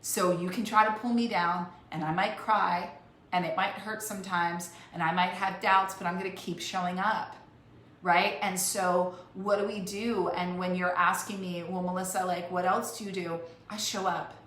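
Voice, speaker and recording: A woman's voice: lowish voice, steady tone, moderate pace, fairly bright tone. Earnest, emotional woman in an echoey room. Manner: earnest, emotional, repeats and restarts phrases. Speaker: life coach. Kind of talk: heartfelt motivational talk to camera. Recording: echoey room with faint noise.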